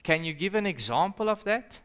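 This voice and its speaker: A man's voice: high-pitched, lively intonation, brisk, fairly bright tone, smooth. A young South African man, a pastor, leading an interactive Sabbath school lesson and putting questions to the audience in a conversational way. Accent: South African English.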